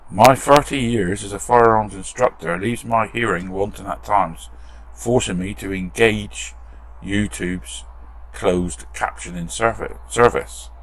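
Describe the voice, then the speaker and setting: A man's voice: fairly low pitch, slow pace, few pauses. A British man hosting a model restoration channel, chatting casually in his shed workshop and reading out viewer comments with self-deprecating humour.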